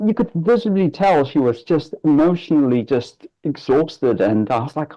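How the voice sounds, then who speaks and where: A man's voice: medium pitch, lively intonation, moderate pace, hardly any pauses, dull audio. A man on a work panel telling a personal story in an earnest, emotional, chatty way. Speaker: panel guest.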